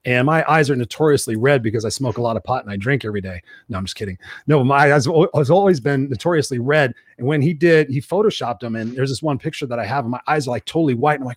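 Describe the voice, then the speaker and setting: A man's voice: medium pitch, fast, few pauses, no echo, clean studio sound. A man co-hosting a casual livestream chat, joking around and reading out viewer comments. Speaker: co-host.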